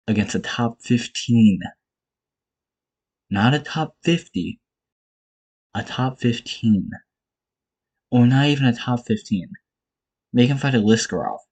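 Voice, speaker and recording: A man's voice: medium pitch, lively intonation, a little slow, pauses often, darkish tone, husky. A young man ranting casually and profanely about fight cards in his own vlog, blunt and exasperated, hammering points in short repeated bursts. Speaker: MMA commentator vlogger.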